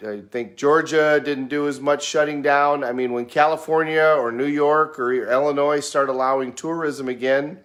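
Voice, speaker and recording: A middle-aged American man talking in an unhurried, folksy way, musing on life and telling a story with plenty of fillers. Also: fairly high pitch, fairly bright tone. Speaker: speaker sharing reflections. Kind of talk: casual reflective monologue.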